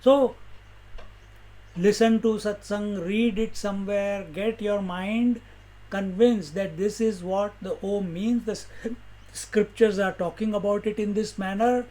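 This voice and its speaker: A man teaches scripture in a relaxed discourse. His voice sits high, and he takes his time, pausing and posing questions to his listeners before answering them. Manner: slow, unhurried teaching with rhetorical questions and soft laughs. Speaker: spiritual teacher.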